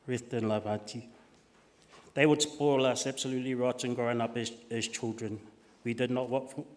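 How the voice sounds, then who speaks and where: Man telling family memories in echoing hall. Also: medium pitch. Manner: warm storytelling with frequent uh and restarts. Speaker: family member giving a eulogy. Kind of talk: funeral eulogy read from notes. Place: church hall. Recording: long echo of a large church hall.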